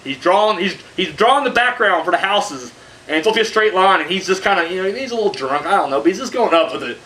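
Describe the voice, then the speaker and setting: A man's voice: sits high, lively intonation, fast, pushed and bright. A man reviewing horror films in a rambling, profane way, full of fillers and sarcastic asides. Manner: profane, rambling, heavy on "you know" fillers. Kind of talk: casual rambling film review.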